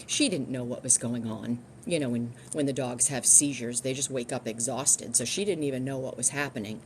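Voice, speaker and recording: A woman's voice: rumbling low, moderate pace, a little mellow, a little hiss or hum. A middle-aged woman chatting casually on a live stream from home, rambling and restarting her sentences.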